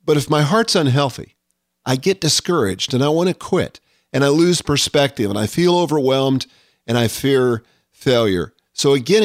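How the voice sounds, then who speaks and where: A man's voice: medium pitch, animated, normal speed, dry recording. Earnest older man on a dry mic. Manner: earnest, reflective, reads quotes aloud. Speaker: podcast host. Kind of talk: scripted podcast monologue.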